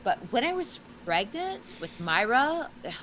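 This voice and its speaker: A woman in her forties talks casually on a live stream, her voice swinging widely up and down. She swears freely and leaps high when excited. A faint hiss sits under her voice. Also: unhurried, rough recording. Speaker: podcast guest.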